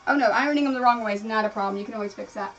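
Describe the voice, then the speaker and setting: A woman's voice: fairly high pitch, very fast, fairly bright tone, distant mic, dull audio. A woman streaming from her home craft room, chatting casually in a rambling way with many fillers. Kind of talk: casual chat while quilting. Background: music playing.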